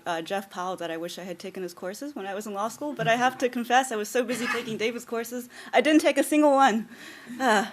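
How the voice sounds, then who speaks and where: A middle-aged woman speaking at an academic conference, summing up the day in articulate prepared remarks with frequent ums. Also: medium pitch. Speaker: conference organizer and closing speaker. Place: lecture hall.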